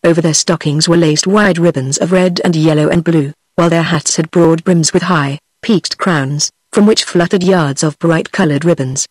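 A woman's voice: low voice, steady tone, normal speed, hardly any pauses, darkish tone, husky, no room sound. British woman's synthetic audiobook narration. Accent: British English.

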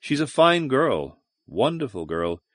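A man's voice: medium pitch, sing-song, slow pace, no echo, studio quality. A man doing a weary, brooding soldier. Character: Donovan, weary hardened male soldier commander.

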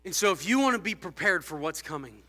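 Male pastor, high and very bright voice, fervent sermon delivery with big swings in intensity. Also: lively intonation, quick pace, soft background music. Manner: fervent preaching, swings from low intensity to shouting. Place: church.

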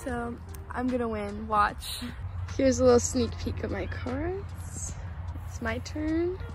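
Bubbly high-voiced young woman vlogging outdoors. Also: animated, slow. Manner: bubbly, chatty. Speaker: skate vlogger. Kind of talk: casual vlog narration. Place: outdoors near a loud road. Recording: outdoor phone audio with road noise.

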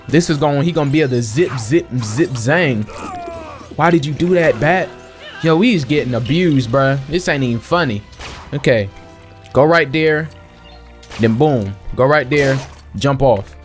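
A young man in casual let's-play commentary, excitable and slangy, talking to himself and his viewers while he plays, a little sniffly. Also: mid-range voice. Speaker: gaming channel host.

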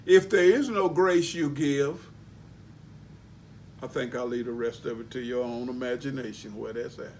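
A man's voice: mid-range voice, moderate pace, darkish tone, slight background noise. A man preaching a sermon, emphatic and folksy, spelling out words for emphasis. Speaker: pastor.

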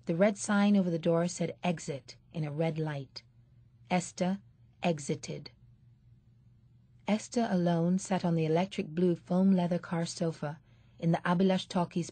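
A woman narrating an audiobook in a measured, steady storytelling manner. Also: fairly low pitch, dry recording. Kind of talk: scripted narration.

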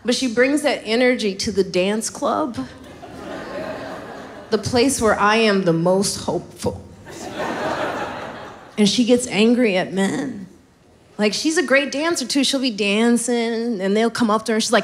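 A woman comedian performing a stand-up set, animated and acting out bits of dialogue. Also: a little high, unhurried, long pauses, crowd noise, background noise. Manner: animated, acts out dialogue with voice jumps.

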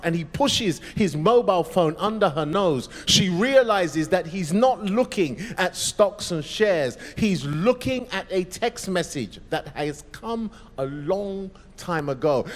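A male pastor telling a story in a sermon, dramatic and vivid, dropping to a hush at moments. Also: high voice, expressive, slow, hardly any pauses. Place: large church. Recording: echoey church hall.

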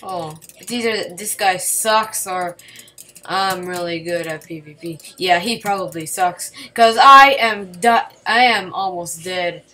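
A woman giving casual gameplay commentary at her home computer at night, excitable, yelping and repeating words when she panics. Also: fairly low pitch, a little slow, a little hiss or hum.

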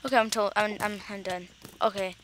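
A woman chatting casually while gaming with a friend, chatty and quick to apologize. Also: mid-range voice, fairly even intonation, noisy background. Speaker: gamer.

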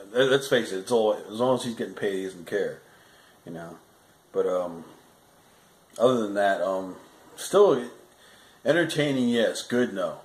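A man's voice: fairly low pitch, a little mellow, roomy sound, rough recording. A man giving a casual, rambling spoken movie review, often restarting sentences and adding frustrated asides.

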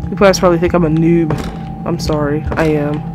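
A woman's voice: low-pitched, fairly even intonation, fairly quick. A young woman playing a horror game, commenting to her viewers, easily frustrated and swearing often, with faint music behind her. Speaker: gamer.

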